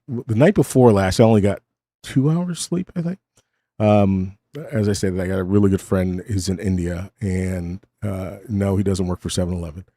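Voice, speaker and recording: A middle-aged man with a low, warm voice drifts through a casual late-night monologue at a studio mic. He interrupts himself often and drops wry asides, sounding short on sleep. The sound is dry and close. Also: dry recording. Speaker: host of a late-night stream. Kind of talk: casual rambling talk. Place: home studio. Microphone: studio mic with cough button.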